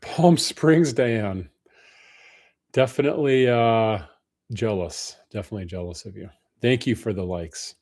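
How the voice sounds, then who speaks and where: A man's voice: on the low side, a little slow, darkish tone. A man hosting a casual live stream Q&A, greeting viewers by name in a friendly way. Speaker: livestream host.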